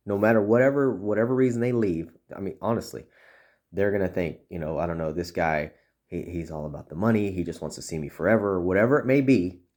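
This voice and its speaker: A chiropractic consultant coaches fellow chiropractors in a casual, earnest way, often restarting, repeating words and saying "you know." His voice is low and a little mellow.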